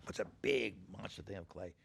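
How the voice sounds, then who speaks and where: A man guesting on a podcast, telling anecdotes in an animated, profane way and acting out the people in them. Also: deep voice, a little fast, vocal fry. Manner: animated, profane storyteller who acts out quoted dialogue. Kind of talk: anecdotal storytelling. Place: podcast stage.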